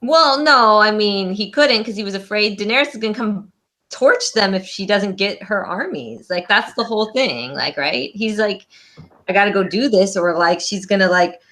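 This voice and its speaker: A woman talks casually in a group chat, mid-pitched and chatty. She strings her thoughts together with a lot of filler words. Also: lively intonation, normal speed, bright, forceful tone.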